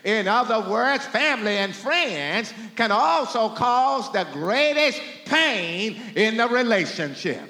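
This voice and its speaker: A male pastor preaches in a strikingly high, lively voice, stretching each phrase slowly. His tone is bright and ringing, and long reverb from a roomy sanctuary trails behind every line. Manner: slow, drawn-out preaching that builds to shouting; call-and-response with the congregation. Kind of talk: preaching a sermon. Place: church sanctuary.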